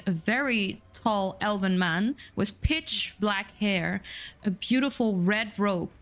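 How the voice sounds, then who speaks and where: A woman narrating as a tabletop game master in a chatty, descriptive way, with many pauses and fillers. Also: mid-range voice, a bit bright. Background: faint music.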